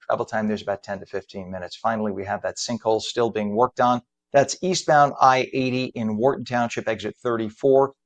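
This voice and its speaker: A man's voice: on the low side, fairly even intonation, brisk. A middle-aged man hosting a morning TV news and talk show, chatty and a bit rambling, reading traffic and introducing guests. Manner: chatty, rambling, self-deprecating.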